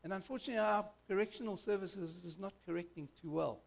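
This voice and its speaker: A man's voice: high voice, quick pace, vocal fry. A middle-aged man with a South African accent preaching a sermon in a conversational, jokey way that wanders into school stories. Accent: South African English.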